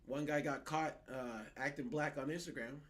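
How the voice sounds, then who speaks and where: A young man co-hosting a podcast in casual political chat, animated and profane, often mocking other people's words. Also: medium pitch, moderate pace. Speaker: podcast co-host.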